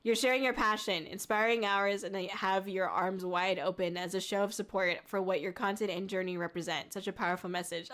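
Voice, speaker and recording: A woman's voice: mid-range voice, lively intonation, moderate pace, a bit bright. A woman VTuber streamer chatting casually on a livestream, reading viewer messages aloud, giggling often and swearing freely.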